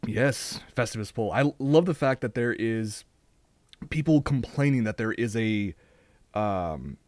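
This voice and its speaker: A man co-hosting a podcast, pitching gag gifts in a jokey infomercial style. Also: expressive, measured pace, a little mellow, dry recording. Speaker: podcast co-host. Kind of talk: casual chat.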